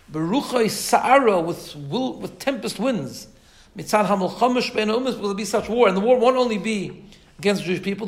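A man teaching a class on a Hebrew text. He translates it phrase by phrase and keeps checking in with his listeners. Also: high-pitched. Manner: explains Hebrew text line by line, checks in with "right?". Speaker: Torah teacher. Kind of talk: text-based Torah class. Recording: echoey room.

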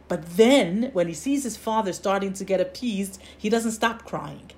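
A woman teaching a religious lesson, telling a parable in an animated way and often restarting her sentences. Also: medium pitch, unhurried. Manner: animated storytelling with frequent restarts. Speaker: Torah teacher.

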